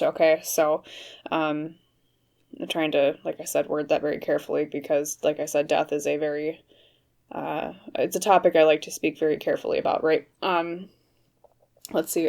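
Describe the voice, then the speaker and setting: Female tarot reader, lower register, careful, halting delivery to camera. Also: darkish tone. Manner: hesitant and careful, many fillers and restarts. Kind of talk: pick-a-card tarot reading to camera.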